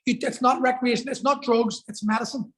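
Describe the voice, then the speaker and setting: A man's voice: very high-pitched, fairly even intonation, a little fast, fairly bright tone, low-quality recording. A man telling a personal story as a podcast guest, earnest and emotional, swearing for emphasis.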